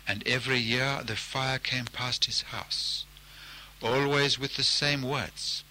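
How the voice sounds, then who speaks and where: A man telling a folk tale with slow, measured care. His voice is very bright and ringing, and he lets each phrase land before moving on. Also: mid-range voice, fairly even intonation, poor audio. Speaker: narrator. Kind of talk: storytelling narration.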